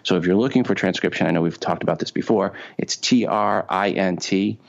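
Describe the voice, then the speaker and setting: Deep gravelly man with a New York accent. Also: a little fast. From Long Island, New York. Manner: chatty, repeats words, sarcastic asides. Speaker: podcast co-host. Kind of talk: casual chat. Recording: dull lo-fi sound.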